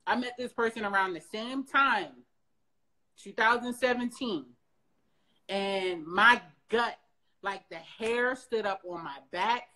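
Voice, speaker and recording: A woman's voice: fairly high pitch, slow pace, bright, forceful tone. A woman talking on a podcast, telling a personal story bluntly with lots of swearing and asides to her co-host. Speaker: podcast guest. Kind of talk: casual podcast chat.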